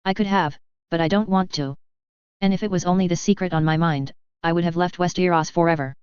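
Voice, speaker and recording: A woman voicing an earnest young man from modern times, speaking in a measured, pleading way as she reads a fantasy story aloud. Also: lowish voice, fairly even intonation, darkish tone, smooth, no room sound, lightly acted. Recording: slightly dull lo-fi dry.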